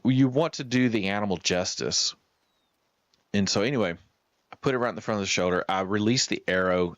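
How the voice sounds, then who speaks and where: A man casually telling a hunting story on a stream, animated and acting out what his guide said. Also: lowish voice, no room sound. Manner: animated, acts out the guide's words.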